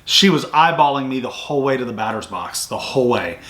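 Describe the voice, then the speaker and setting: Bright-voiced man recapping a softball game. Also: medium pitch, lively intonation, a little fast. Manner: chatty, recounts plays step by step with fillers. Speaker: sports recruiting show host. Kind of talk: casual game recap chat.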